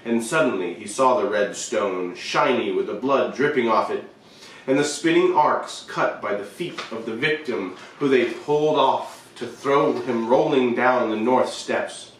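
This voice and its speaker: Man reading a story aloud, expressive, very roomy echo, set back from the mic. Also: medium pitch, measured pace, recorded from a distance, a little hiss or hum. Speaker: reader. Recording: very echoey room, voice away from the mic.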